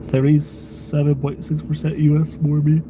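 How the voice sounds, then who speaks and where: An American man hosting his own channel chats loosely with live-stream viewers, rambling and relaxed, with frequent fillers, swearing and chuckles. His voice is on the high side at a moderate pace, with a noisy background.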